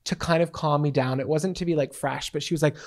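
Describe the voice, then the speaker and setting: A man in his twenties co-hosting a casual podcast, a theatrical, animated storyteller with cheeky, playful humor. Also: a little high, quick pace. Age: 20s. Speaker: podcast co-host.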